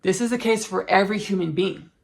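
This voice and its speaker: A woman with a heavily gravelly, creaky voice speaks in a spiritual monologue. She is earnest and halting, repeats herself and reaches for words with many fillers. Her pitch sits in a middle register. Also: steady tone. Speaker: podcast host.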